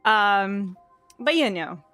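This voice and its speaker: A woman's voice: medium pitch, expressive, slow pace, bright, forceful tone, faint music behind. Chatty, joking woman streamer. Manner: chatty, joking, laughs often. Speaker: streamer host. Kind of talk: casual stream chat.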